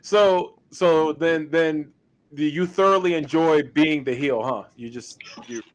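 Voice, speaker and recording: A man co-hosting a casual interview, excitable, stumbling over his starts and laughing. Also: a little high, unhurried. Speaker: co-host.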